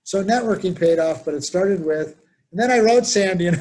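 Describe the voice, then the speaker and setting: Mellow storytelling male presenter. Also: on the high side, brisk. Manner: storytelling, acts out quoted voices. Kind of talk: conversational workshop talk.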